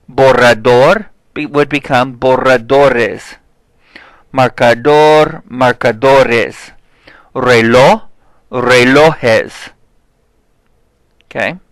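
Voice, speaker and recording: A man teaching a Spanish lesson, explaining grammar step by step and checking in with "okay?", saying example words slowly. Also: medium pitch, fairly bright tone, no room sound, low-quality recording. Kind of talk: recorded classroom lesson.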